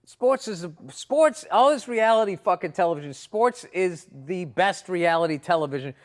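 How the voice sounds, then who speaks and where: Blunt, fast-ranting man. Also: high voice, expressive. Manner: blunt, quick rants with swearing. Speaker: podcast co-host. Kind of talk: casual chat.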